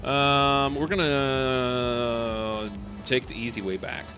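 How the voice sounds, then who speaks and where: A man's voice: medium pitch, flat delivery, slow, sharp tone. A young man casually talking through a live game stream, rambling and answering chat. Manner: rambling, chatty, reads chat aloud. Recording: background game music.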